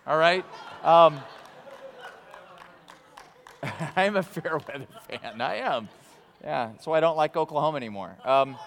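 A man preaching a sermon as pastor, animated and conversational, swinging between excitement and quiet earnestness. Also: high voice, slight background noise. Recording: long hall reverb.

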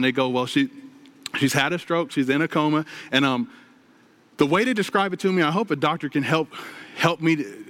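A man's voice: on the high side, fairly bright tone. A man preaching from a stage, telling a personal testimony with earnest storytelling and addressing the crowd directly. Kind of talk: sermon testimony.

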